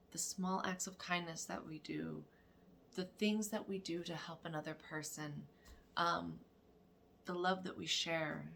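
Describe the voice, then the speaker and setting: A woman, a mother, telling a lively story in a casual spiritual vlog, acting out quotes and laughing often. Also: fairly low pitch, vocal fry, slight background noise. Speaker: mother of daughters.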